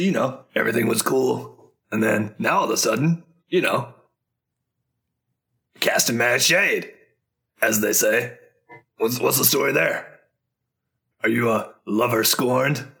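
A man's voice: mid-range voice, expressive, a little slow, vocal fry, long pauses, sharp tone, heavily acted. A man voicing a male adventurer who plays therapist to his party, probing and playful in a tabletop role-play. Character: mock-therapist male adventurer, coaxing and jokey. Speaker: player.

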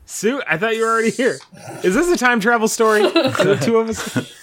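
A man's voice: very high voice, expressive, a little fast, background noise. A man playing a tabletop game, firing off playful questions and jokes. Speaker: player. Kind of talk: casual tabletop game play.

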